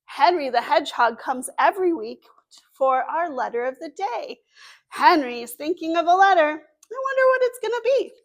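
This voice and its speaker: High-voiced cheerful woman librarian. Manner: cheerful, step-by-step instructions to small children. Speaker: children's librarian. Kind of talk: online children's story time.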